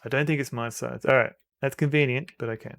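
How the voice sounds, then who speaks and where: A man's voice: mid-range voice, steady tone, quick pace, vocal fry, fairly bright tone, dry recording. A man streaming a retro game, chatting casually, rambling and restarting sentences, and reading game text aloud. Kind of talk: casual gameplay commentary.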